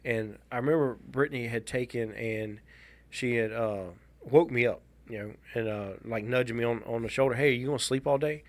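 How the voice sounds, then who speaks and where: Halting, candid man telling stories. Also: mid-range voice, steady tone, no echo. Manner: halting, restarts a lot, candid and wry. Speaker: podcast co-host. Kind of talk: casual storytelling chat.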